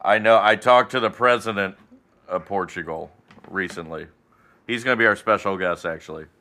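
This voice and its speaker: A man's voice: lowish voice, moderate pace, sharp tone. Sarcastic, joking male podcast co-host. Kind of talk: casual chat.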